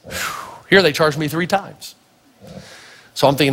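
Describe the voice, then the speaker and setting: A Tennessee pastor preaches a sermon in a fairly quick, husky voice pitched on the high side. He's an animated storyteller who acts out the dialogue in raised voices, and the recording carries a long hall reverb.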